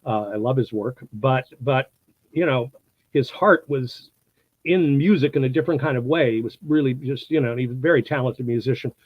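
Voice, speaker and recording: A man in his sixties from the United States, an actor telling anecdotes in a casual interview, animated and laughing often, acting out what people said. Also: mid-range voice, moderate pace, no echo, dull audio. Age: 60s. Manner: animated storyteller, acts out quotes, laughs often.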